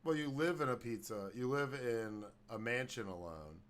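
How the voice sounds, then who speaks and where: A man co-hosting a casual podcast, rambling through his answers, sarcastic and quick to laugh. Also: mid-range voice. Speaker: podcast co-host.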